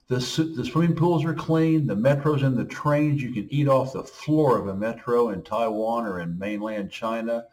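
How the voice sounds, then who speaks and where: An older man in his sixties, from the United States, speaks in a casual vlog monologue at an ordinary, middling pitch. He hammers home each point, stacking examples in quick lists. His voice sits a little back from the microphone. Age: 60s. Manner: emphatic, listing points one after another. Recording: voice a bit distant from the mic.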